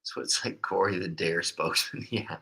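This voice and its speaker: Low gravelly guy on a livestream, laid-back, sipping beers and chatting. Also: normal speed. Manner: relaxed, laid-back, drinking beer. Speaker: livestream co-host. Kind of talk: casual chat on a livestream. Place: indoor rental apartment.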